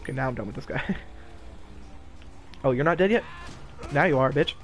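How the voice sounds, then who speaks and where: A young man streaming a game, talking casually with loud, profane, laughing trash talk. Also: mid-range voice, expressive, a little fast, slight background noise. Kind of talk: casual gaming stream commentary.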